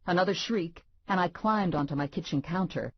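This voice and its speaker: Low husky woman narrating an audiobook. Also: moderate pace, no room sound, lo-fi sound. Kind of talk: first-person audiobook narration.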